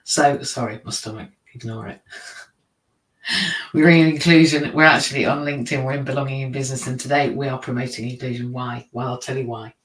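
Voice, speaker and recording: A man's voice: mid-range voice, steady tone, normal speed, fairly bright tone. Guy livestreaming, rambly and self-mocking, mic kinda far off, echoey room. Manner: rambling, self-deprecating, laughs often. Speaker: live stream host; teacher. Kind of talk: casual live-stream monologue. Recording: roomy, from a distance.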